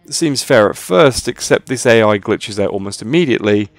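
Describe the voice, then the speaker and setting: A man's voice: lowish voice, animated, fairly quick, no echo. A man narrating a scripted video essay about games, with dry, sarcastic humor.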